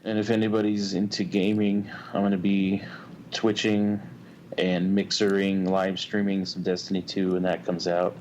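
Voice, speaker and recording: A man with a low voice chats easily as a podcast guest. His recording sounds a little dull and muffled, with faint noise behind it. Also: monotone, moderate pace, a little mellow. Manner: easygoing, laughs often. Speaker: guest guitarist. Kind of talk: casual interview chat.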